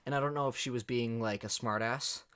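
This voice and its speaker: A man's voice: mid-range voice, steady tone, brisk, fairly bright tone, clear, resonant tone. A young man co-hosting a podcast, telling a story in casual chat and acting out the people in it. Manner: rambling storyteller, acts out quotes. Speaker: podcast co-host.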